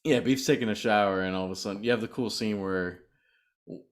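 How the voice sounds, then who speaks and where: Laid-back, low-voiced podcast co-host. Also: male voice, a little fast. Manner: laid-back, laughing, loose slangy remarks. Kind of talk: casual film review chat.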